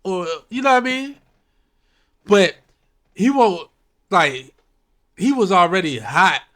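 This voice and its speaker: A man in casual chat, reacting and working through numbers out loud. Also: high voice, very animated, slow pace.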